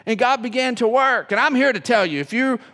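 A man preaching a sermon as pastor, emotional, swinging from loud to hushed. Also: extremely high pitch, lively intonation, a little fast. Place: church sanctuary. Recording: long reverb of a church hall.

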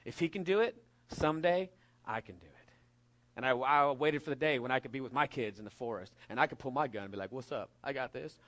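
A middle-aged man from California preaching a sermon, telling a lively story with jokes and acting out the voices of the people in it. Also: mid-range voice, fast talker. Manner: storytelling, animated and jokey, acts out voices. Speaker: pastor.

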